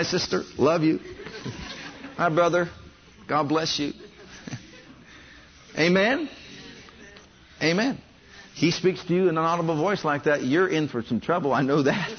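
A man's voice: fairly high pitch, muffled recording. A man preaching a sermon, telling stories from his own life and speaking directly to the congregation. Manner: animated storytelling, addresses congregation directly.

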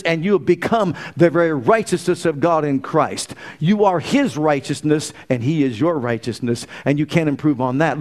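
A man delivers a sermon in a somewhat high voice. He moves between quiet, drawn-out lines and loud, ringing declarations, pressing his listeners with question after question. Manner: emphatic, swings from hushed to loud, fires rhetorical questions at listeners. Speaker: preacher.

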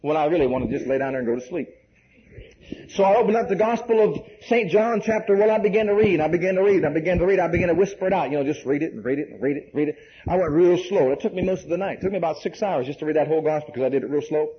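A man's voice: a little high, rapid-fire, muffled recording. A man preaching a sermon, telling folksy stories with many "bless God"s and "amen"s, acting out dialogue and laughing along the way.

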